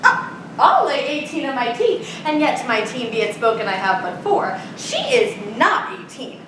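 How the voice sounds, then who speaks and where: A woman's voice: high voice, sing-song, moderate pace, far from the mic, background noise. A woman playing a bawdy, chattering old nurse who rambles and giggles, acting live on a theater stage. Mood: chatty. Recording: roomy stage sound from afar.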